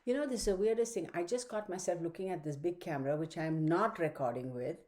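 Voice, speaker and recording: Speaking from a home room with her dog beside her, a woman reads a casual weekly astrology forecast into a computer microphone. Her voice is lowish and mellow and moves at a quick pace, and she's chatty and rambling, full of fillers and side remarks.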